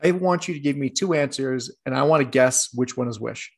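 A man's voice: medium pitch, a little fast. A man co-hosting a sports podcast, teasing his co-host in a dry way. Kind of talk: casual sports podcast chat.

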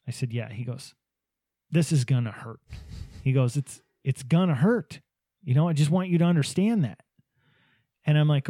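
Casting: man, mid-pitched mellow voice, storyteller who quotes others, dry close sound. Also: dry recording. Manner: anecdotal, laughs easily, acts out quotes. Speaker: podcast host, business owner. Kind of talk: casual chat, storytelling.

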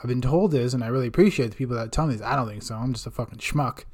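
A man's voice: mid-range voice, very fast, darkish tone. A man hosting a podcast segment, talking casually in a rambling, self-mocking way and swearing constantly. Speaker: podcast host. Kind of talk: casual profane monologue.

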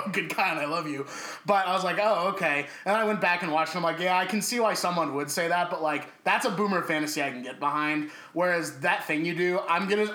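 Animated, swearing man in an echoey room. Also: on the high side. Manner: animated, profane storyteller. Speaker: podcast co-host. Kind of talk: casual movie discussion.

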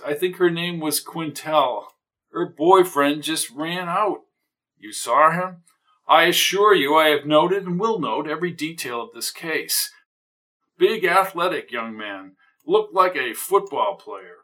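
A man voicing a fussy, irritable older gentleman who speaks with prim, exasperated, precise diction in an audiobook. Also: a little high, recorded from a distance.

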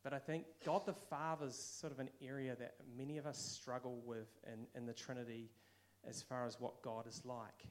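A man's voice: mid-range voice, little pitch movement, normal speed, hardly any pauses, slight background noise. A man with a New Zealand accent giving a casual, conversational sermon, now and then acting out quoted voices. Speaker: preacher.

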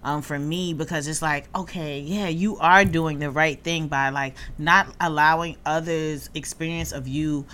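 A woman's voice: sits low, fairly even intonation, unhurried, hardly any pauses, a bit bright, clean tone. A woman co-hosting a podcast in casual chat, reflective and full of fillers and encouraging mm-hmms. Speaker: podcast co-host.

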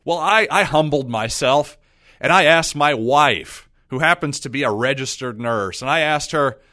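A middle-aged man hosting his own podcast, talking through his views with sarcastic, animated asides and mocking impressions. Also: mid-range voice, moderate pace, dry recording, clean studio sound. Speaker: podcast host. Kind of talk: casual solo commentary.

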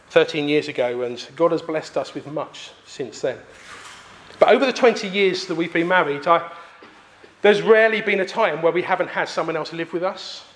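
Male preacher, 40s, high voice, emphatic sermon delivery. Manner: emphatic, pausing for effect.

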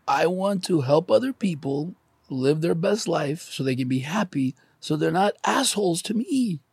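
A man's voice: high-pitched, lively intonation, moderate pace, vocal fry, darkish tone, breathy edge, no echo. A man in his forties, crying and swearing as he speaks openly on a podcast. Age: 40s. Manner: profane, emotional, laughs through tears. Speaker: podcast co-host. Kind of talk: emotional podcast conversation.

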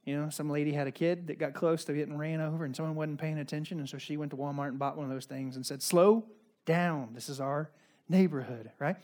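A male pastor giving a casual, conversational sermon, full of asides and fillers, swinging between loud emphasis and quiet remarks. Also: on the high side, flat delivery, fast, hardly any pauses.

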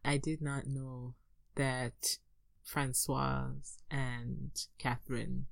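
Unhurried woman co-host with a very deep voice and easygoing laughs. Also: level tone, creaky, no room sound. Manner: laid-back, laughs often. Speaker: podcast co-host. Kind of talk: casual chat.

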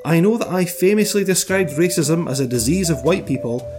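A man's voice: on the high side, lively intonation, brisk, over music, voice pushed up, close to an everyday voice. A man playing a smug male scientist writing a defensive letter, in a sarcastic, self-pitying tone of mock complaint.

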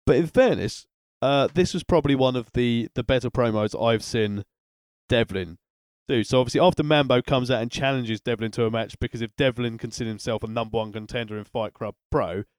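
A man's voice: medium pitch, fairly quick, smooth, dry recording. A man co-hosting a wrestling podcast in casual chat, with dry wry humor and a hesitant, filler-laden delivery.

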